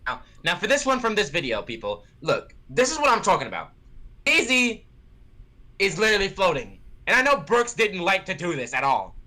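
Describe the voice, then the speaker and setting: Bright, lively speaker mocking on stream. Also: mid-range voice, fairly quick, rough recording. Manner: blunt, mocking and exasperated. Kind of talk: casual ranting stream chat.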